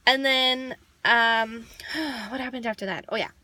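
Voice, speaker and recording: Young woman, storytime vlog, animated, lots of "like", crisp bright tone, dry close sound. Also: a little high, unhurried, dry recording. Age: young adult. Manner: chatty, heavy use of "like", animated retelling. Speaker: vlogger.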